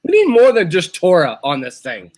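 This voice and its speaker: A man co-hosting a casual talk show, chatty and eager, sometimes reading aloud haltingly. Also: a little high, big pitch swings, a little mellow. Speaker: co-host. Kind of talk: casual chat.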